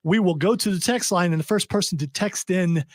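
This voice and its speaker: A man's voice: high-pitched, a little fast, no echo, studio quality. Jokey male radio host. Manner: jokey, rambling, self-deprecating. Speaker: radio host running the show. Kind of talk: casual chat.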